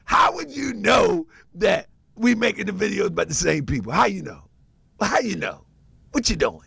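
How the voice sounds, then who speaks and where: A high, bright man's voice with heavy gravel and husky edges, hosting a commentary livestream. He laughs constantly and mocks his target in an excitable, sing-song way, swinging widely up and down in pitch. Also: normal speed, dry recording. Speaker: host.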